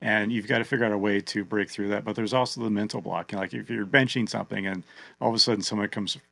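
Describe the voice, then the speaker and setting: A man with a gravelly, fry-laden voice hosts a casual podcast. He is recorded close and dry, and he tells stories in a chatty, laughing way. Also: fairly low pitch, steady tone, fast, fairly bright tone, no room sound. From Oregon. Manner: chatty, laughs easily, storytelling. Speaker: podcast host.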